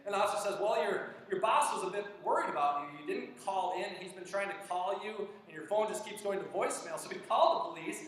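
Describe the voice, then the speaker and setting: A man preaching a sermon, telling a story in an animated way and acting out the dialogue with frequent restarts. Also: sits high, fast, hardly any pauses, a little hiss or hum. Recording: echoey church hall, distant mic.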